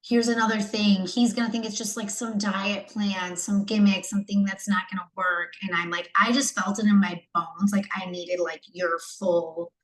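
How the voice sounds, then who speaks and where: A woman's voice: mid-range voice, level tone, normal speed, few pauses, a bit bright, echoey room, poor audio. A pregnant young woman from the United States, a coaching client, talking emotionally and rambling with many fillers and restarts. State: pregnant, third trimester. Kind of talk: candid video-call testimonial.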